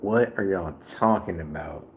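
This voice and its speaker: A man's voice: low voice, a little slow, roomy sound, a little hiss or hum. A man live streaming in casual chat, rambling and profane, full of slang.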